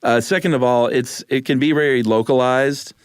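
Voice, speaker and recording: A man's voice: medium pitch, steady tone, normal speed, smooth, dry recording, studio quality. A man co-hosting a casual podcast chat, wry and chuckling as he talks. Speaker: podcast co-host.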